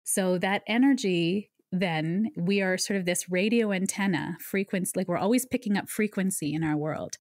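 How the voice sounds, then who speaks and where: A woman psychic medium, a podcast guest, explains her ideas and story earnestly and conversationally at a moderate pace with few pauses, her voice fairly low and her asides lively. The recording is studio quality with no room sound.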